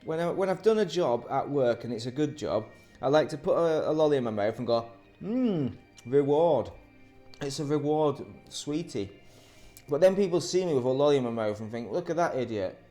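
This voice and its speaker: A man's voice: medium pitch, expressive, a little fast, dark tone, soft background music. A man casually reviewing a sweet on camera, rambling and self-interrupting, with dry, sardonic asides.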